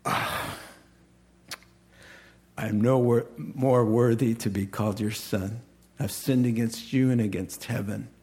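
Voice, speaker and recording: Brief: preacher doing a remorseful young runaway son, slow and self-reproaching, pitched a little low. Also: male voice, fairly even intonation, darkish tone, close to an everyday voice.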